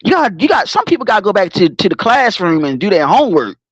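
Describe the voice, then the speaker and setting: A man's voice: sits high, fast talker, husky, no room sound, dull audio. A man hosting a casual livestream, talking in slangy, rambling bursts, swearing freely and breaking off to laugh and regroup. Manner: animated, laughing, keeps stopping himself to regroup. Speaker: livestream host.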